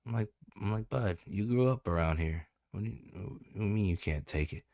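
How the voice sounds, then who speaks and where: Deep-voiced laid-back man streaming. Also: brisk, a little mellow, no echo, clean studio sound. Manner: laid-back, swears a lot. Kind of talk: casual stream chat.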